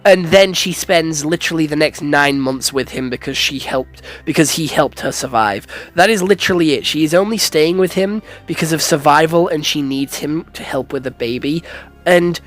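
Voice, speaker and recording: A man's voice: a little high, normal speed, fairly bright tone, faint music behind. A man casually reviewing a film in a blunt way, swearing a lot, stumbling over restarts and calling people "dog".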